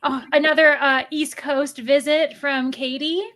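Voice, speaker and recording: Chatty woman with a high, bright voice. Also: little pitch movement, measured pace. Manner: friendly, laughs easily, chatty. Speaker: livestream co-host. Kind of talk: casual chat.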